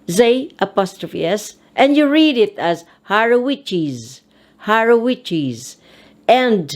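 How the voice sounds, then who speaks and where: A woman teaching an English grammar lesson, spelling out words letter by letter and repeating each example slowly and deliberately. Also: medium pitch, darkish tone.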